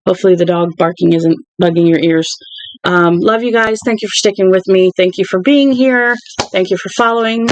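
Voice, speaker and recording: A woman reading a novel aloud in a plain, unhurried way, then chatting casually and warmly with her listeners at home. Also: medium pitch, no room sound, lo-fi sound. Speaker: audiobook reader.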